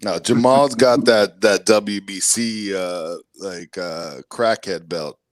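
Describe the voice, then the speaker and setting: A man's voice: on the low side, no echo. A man co-hosting a boxing talk show, joking and teasing the others in casual chat. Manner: joking, teasing, drawn-out delivery. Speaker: podcast co-host.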